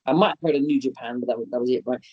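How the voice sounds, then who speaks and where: A man's voice: mid-range voice, racing, slightly rough. A man in his thirties, a wrestling promoter, telling stories casually in an interview and acting out quotes in a raised voice. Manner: animated storyteller, acts out quotes in a raised voice. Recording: dull lo-fi podcast audio.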